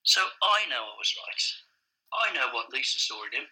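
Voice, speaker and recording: A man in a casual interview, a blunt and animated storyteller who swears freely. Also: mid-range voice, normal speed, background noise. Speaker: advertising director, guest.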